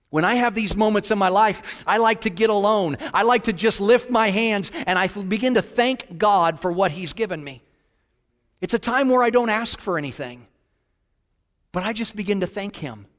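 A pastor preaching a sermon with passion, sinking into hushed tones and then building to emphatic points, and asking the congregation questions. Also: male voice, sits high, big-room sound.

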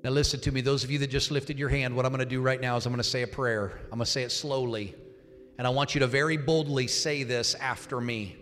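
A man preaching as a pastor, giving an altar call and leading a loud, fervent prayer in a church. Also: mid-range voice, fairly even intonation, fast talker. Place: church sanctuary. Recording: reverberant hall with faint music.

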